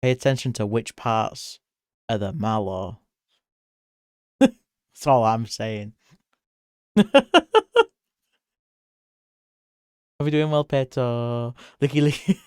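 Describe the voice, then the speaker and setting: A man chatting casually with viewers while he draws on a live stream, giggling often, swearing freely and jumping to high squeals when excited. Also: smooth, no echo, studio quality. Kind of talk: casual chat while drawing.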